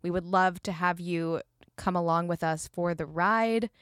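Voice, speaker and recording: A woman's voice: lowish voice, unhurried, smooth, no room sound, studio quality. A woman co-hosting a podcast in a casual, upbeat and playful chat. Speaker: podcast co-host.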